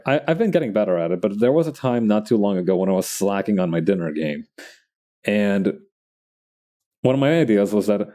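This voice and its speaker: A young male streamer draws live while rambling casually in a low, mellow voice. He's loose and chatty, full of "likes" and restarts, and laughs at himself.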